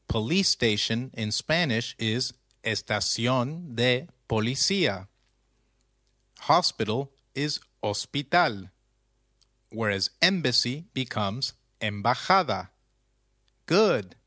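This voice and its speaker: Male teacher, slow and bright, dry close-mic narration, patient quiz-style delivery. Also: medium pitch, no room sound. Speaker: language teacher. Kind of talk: scripted lesson narration.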